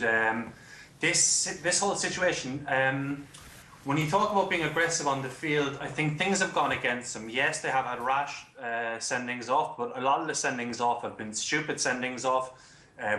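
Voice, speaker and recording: Man, guest football writer, bright tense tone, roomy echo, engaged storyteller. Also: mid-range voice, normal speed. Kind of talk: casual studio discussion. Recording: roomy, echoey sound.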